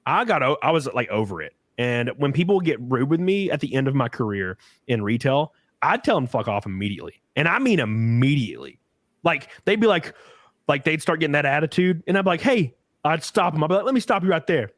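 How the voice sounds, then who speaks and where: A man hosting a podcast in casual chat, telling profane, animated stories with acted quotes. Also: fairly high pitch, quick pace, no room sound. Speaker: podcast host.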